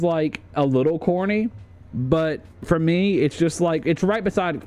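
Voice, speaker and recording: A man's voice: on the high side, a little slow, a little mellow. A young man streaming, chatting casually in a jokey, profane way.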